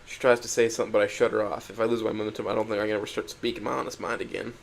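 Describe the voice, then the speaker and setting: A man's voice: lowish voice, flat delivery, racing, creaky, slight background noise. A man narrating a first-person dramatic story, emotional and swinging from hurt to angry outbursts.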